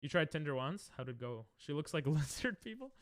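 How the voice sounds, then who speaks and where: A man's voice: fairly high pitch, sing-song, fairly quick, no room sound, studio quality. A man streaming, reacting to commercials in casual, joking chat with his viewers, often laughing.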